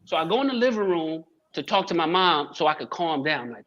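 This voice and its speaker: Animated storytelling man, dull lo-fi audio. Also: sits high, brisk, hardly any pauses. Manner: lively, acts out quotes, swears casually. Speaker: father telling a story on a discussion panel. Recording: dull lo-fi sound.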